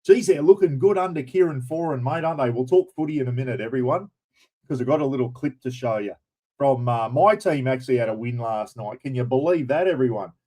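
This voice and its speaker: A man's voice: medium pitch, a little fast, dark tone, poor audio. An Australian man hosting a livestream in casual chat, blunt and chatty, with mild swearing as he greets viewers by name. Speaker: livestream host.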